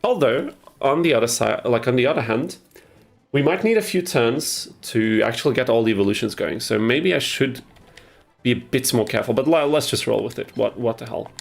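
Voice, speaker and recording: A young man's mid-range, creaky voice moves briskly with lively intonation. He's live-streaming a game over a headset mic, chatting casually and answering his chat while playing.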